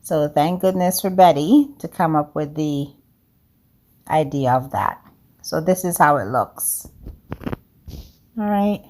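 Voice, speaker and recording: A woman's voice: low-pitched, expressive, slow pace, long pauses, a little mellow. A woman with an accent, chatting upbeat to viewers as she demonstrates a home baking recipe. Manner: upbeat, talks straight to viewers as "guys"; speaks with a non-native accent of English. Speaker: home cooking vlogger.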